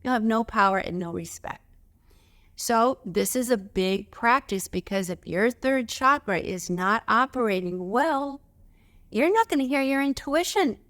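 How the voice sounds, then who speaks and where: A woman teaching spiritual practice, speaking calmly and emphatically as she guides slow breathing exercises. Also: fairly high pitch.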